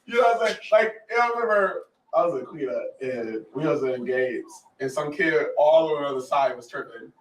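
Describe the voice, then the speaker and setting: A man on morning radio talks in a loose, slangy style with a slightly high voice and circles back over his own phrases for emphasis. His voice comes from back off the mic in an echoing studio with a faint hiss underneath. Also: expressive, moderate pace, recorded from a distance. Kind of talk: casual radio banter.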